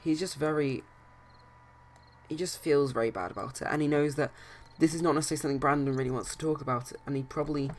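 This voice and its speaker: A man narrates his life-sim let's play casually, rambling through game commentary and stories with lots of hesitations and restarts. His voice is on the high side and his pace is quick.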